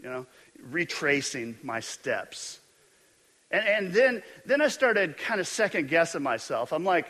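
Animated storytelling male pastor. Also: fairly high pitch, unhurried. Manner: storytelling, animated, self-mocking humor. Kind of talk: sermon.

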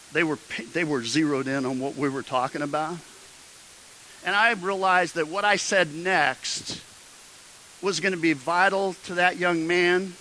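A Midwestern American pastor with a sharp, rather high voice preaches by telling a personal story conversationally, often restarting, then building to emphatic exhortation. The audio is poor, with slight background noise.

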